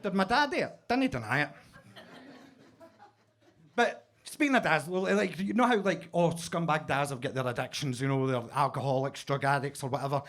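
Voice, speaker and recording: Brief: Scottish stand-up, male, high-pitched, lively mock-pompous storyteller, club stage mic. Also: normal speed. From Scotland. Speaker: stand-up comedian. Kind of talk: stand-up comedy set. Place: basement comedy club stage.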